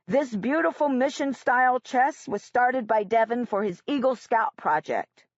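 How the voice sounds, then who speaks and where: A woman voicing a middle-aged male school principal who speaks slowly and formally, in a storybook reading. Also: fairly high pitch, animated, no echo. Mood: solemn. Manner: slow, formal and ceremonial. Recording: dry, slightly dull audiobook recording.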